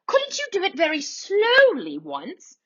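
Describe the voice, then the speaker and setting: A woman voicing an excitable, proper and practical schoolboy. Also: extremely high pitch, measured pace, lo-fi sound, pitched above the performer's own voice, exaggerated voice. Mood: excited.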